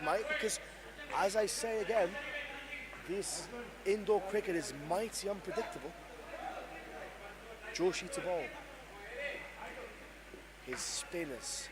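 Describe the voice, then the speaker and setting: A man giving live cricket commentary, excitable, breaking into shouts when something big happens. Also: sits high. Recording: noisy crowd at an indoor venue. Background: crowd and venue noise.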